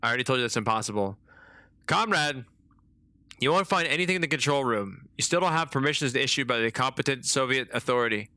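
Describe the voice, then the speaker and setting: A man's voice: medium pitch, expressive, fast, sharp tone, no room sound. A man voicing a formal, bureaucratic Soviet computer in a game, reading its lines in a clipped, officious manner.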